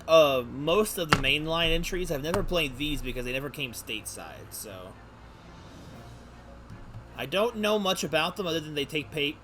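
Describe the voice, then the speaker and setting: A man streaming a video game, chatting casually, chuckling often and reacting to what he reads on screen. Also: on the high side. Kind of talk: casual gaming commentary.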